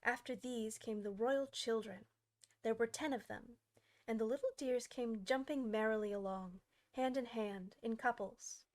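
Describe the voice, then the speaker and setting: Casting: female audiobook narrator, expressive storytelling, a touch higher than average. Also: a little slow. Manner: expressive storytelling with varied pacing. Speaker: audiobook reader.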